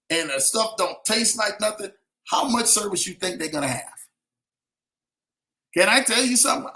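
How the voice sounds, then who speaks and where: High bright-voiced man preaching. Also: echoey room. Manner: preachy, repetitive, rising to emphatic peaks; casual slang, addresses listeners directly. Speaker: motivational speaker. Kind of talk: motivational talk.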